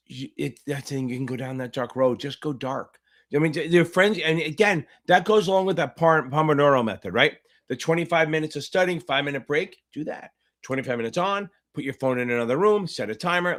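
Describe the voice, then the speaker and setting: A man tutoring for a finance exam, hosting a livestream Q&A, loud and profane, hyping viewers up and answering chat questions. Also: fairly high pitch. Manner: loud, profane, hyped-up coaching.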